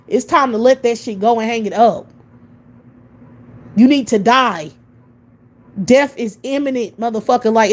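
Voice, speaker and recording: A woman from the United States, her voice sitting a little high, rants with open scorn. She swears constantly and fires off rhetorical questions one after another. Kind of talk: profane ranting monologue.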